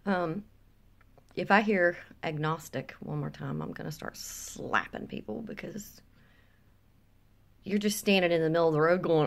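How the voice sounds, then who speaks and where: Outspoken Southern woman vlogger with a slightly low voice, filming on a close phone. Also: a little slow, creaky, pauses often. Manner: blunt, profane, dips into whispers for emphasis. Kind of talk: blunt opinion rant to camera. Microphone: phone held close.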